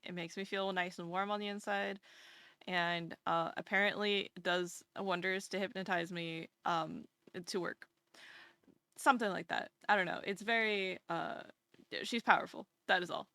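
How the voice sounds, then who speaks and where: A woman streamer chatting casually to her viewers in a rambling, halting way full of fillers. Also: on the low side, sharp tone, clean tone, no room sound. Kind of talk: casual live-stream chat.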